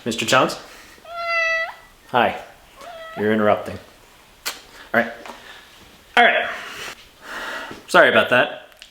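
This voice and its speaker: A man teaching an English grammar lesson from home, in a relaxed, chatty way that often corrects itself. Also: lowish voice, a little slow, pauses often, reverberant, noisy background. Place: home room with a cat.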